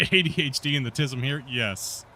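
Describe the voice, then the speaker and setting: A man's voice: mid-range voice, animated, normal speed, bright, forceful tone, a little hiss or hum. A man hosting a gaming stream, chatting casually over voice chat and laughing often. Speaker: stream host.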